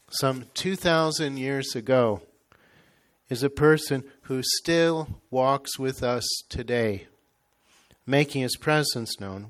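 Male reader, mid-pitched voice, measured reverent reading of a devotional story.

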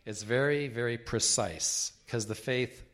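A man's voice: medium pitch, measured pace, fairly bright tone. A man who is a Catholic bishop, telling rambling travel stories in a casual talk with frequent restarts. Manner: rambling anecdotes with laughs and restarts.

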